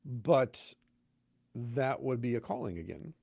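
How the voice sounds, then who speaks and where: Speaking slowly in a gravelly, mid-range voice with no room sound, a man who is a pastor tells stories in a relaxed podcast conversation. He's an animated storyteller, performing the voices of those he quotes.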